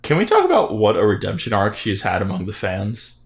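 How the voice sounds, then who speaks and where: A man's voice: on the low side, wildly swooping pitch, brisk. A man co-hosting a casual podcast, blunt and joking, swearing freely. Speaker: podcast co-host.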